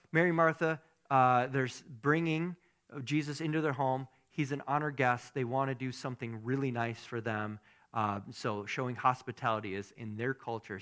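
Bright-voiced, chatty male pastor. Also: medium pitch. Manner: conversational, animated, asks the congregation questions. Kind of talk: sermon.

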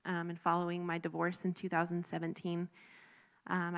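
A woman in her twenties giving a personal testimony, soft-spoken and nervous. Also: fairly low pitch, creaky. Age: 20s.

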